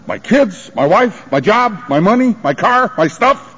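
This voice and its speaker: A man shares his recovery story from a conference stage, swinging from raw confession to wry jokes. His voice sits high and leaps around in pitch. The old tape sounds dull and muffled. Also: very animated, measured pace, hardly any pauses, a bit bright, slightly rough. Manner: emotional, confessional, wry humor. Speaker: recovery meeting speaker. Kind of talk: personal story talk at a sobriety conference.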